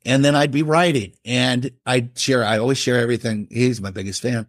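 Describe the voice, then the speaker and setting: A man's voice: mid-range voice, fairly even intonation, a little fast, no echo, clean studio sound. A middle-aged man, a writer, telling a family story in a casual, rambling way. He interrupts himself often and acts out what others said.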